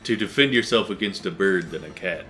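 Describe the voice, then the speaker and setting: A man's voice: sits low, animated, brisk, bright, forceful tone, soft background music. A young man co-hosting a game playthrough, chatting casually and acting out voices in his stories. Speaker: let's play co-host. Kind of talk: casual gaming chat.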